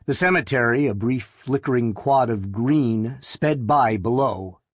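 Male narrator, slow and deliberate audiobook reading, dry close sound. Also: medium pitch, no room sound.

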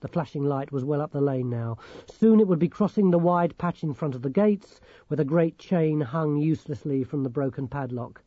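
A man reading a storybook aloud in a calm, even manner. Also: on the high side, moderate pace, hardly any pauses, no echo, highs cut off. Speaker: audiobook narrator. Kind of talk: scripted storybook narration.

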